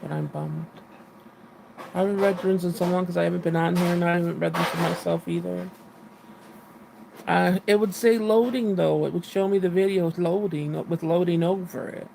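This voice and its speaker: Gravelly woman venting on a live stream, kinda fed up, little background hiss. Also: lowish voice, steady tone, normal speed, mellow. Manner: frustrated, venting, swearing. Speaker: livestream host. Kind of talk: casual livestream chat.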